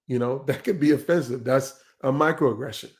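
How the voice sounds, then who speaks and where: A middle-aged man leads a live online leadership talk in a mid-range voice that is neither high nor low. His delivery is conversational and emphatic, and he sometimes doubles back on words as he presses a point. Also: fairly quick. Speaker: leadership speaker hosting a live session.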